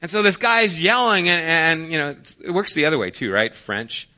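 A man preaching a sermon as a pastor, telling a story and swinging from loud emphasis to hushed near-whispers. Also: fairly high pitch, sing-song, brisk.

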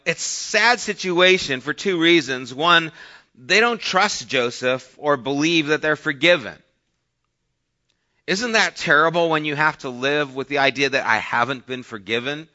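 A man preaching a sermon who reads scripture aloud and explains it conversationally, swinging between soft asides and emphatic points. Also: fairly high pitch, highs cut off. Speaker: pastor.

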